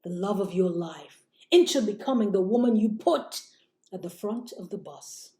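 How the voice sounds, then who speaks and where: A woman's voice: mid-range voice, expressive, normal speed, mellow. A woman life coach giving a fiery, preachy motivational livestream talk, calling her listeners "my loves" and "honey," her voice a little strained. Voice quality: slightly strained voice. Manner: chants and sings short refrains. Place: home setup, streaming live. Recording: roomy echo.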